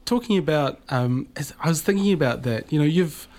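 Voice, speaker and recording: A man's voice: fairly high pitch, expressive, brisk, darkish tone. A man hosting a live radio interview in the studio, hesitant, with many ums and restarts. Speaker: radio host.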